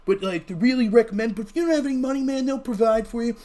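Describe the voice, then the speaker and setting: A man putting on the voice of a mellow, preachy male festival hippie who rambles in a laid-back drawl. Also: very high-pitched, rapid-fire, voice pushed up. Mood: dreamy, earnest.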